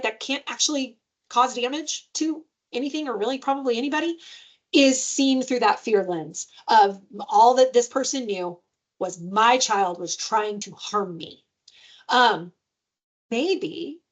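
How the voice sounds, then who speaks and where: A woman in her thirties giving a parenting webinar, her voice sitting somewhat high. She speaks conversationally and keeps tagging on "right?" as she goes. When she quotes a child, she jumps up in pitch. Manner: conversational, frequent "right?" tag questions. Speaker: adoption agency trainer. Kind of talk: webinar presentation.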